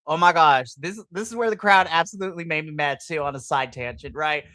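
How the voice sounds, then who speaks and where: A woman's voice: low-pitched, fairly quick, pushed and bright, no room sound. A woman hosting a live podcast in a casual chat. She rants with passion, breaking into playful, exaggerated asides. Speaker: podcast host. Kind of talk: casual livestream reaction chat.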